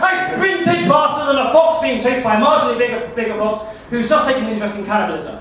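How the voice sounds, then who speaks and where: A young-sounding man with a high voice races through a rambling stand-up story, tripping over his own words as he goes. He is miked from a distance in a very echoey club. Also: quick pace, a little hiss or hum. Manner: rambling deadpan storytelling with stammered restarts. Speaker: stand-up comedian. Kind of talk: stand-up set. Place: comedy club stage.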